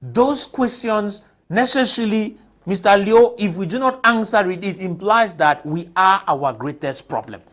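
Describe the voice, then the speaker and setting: Panelist, male, high voice, emphatic debater who leans on rhetorical questions in a TV studio. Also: expressive, a little slow, a bit bright. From Cameroon. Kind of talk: TV panel discussion.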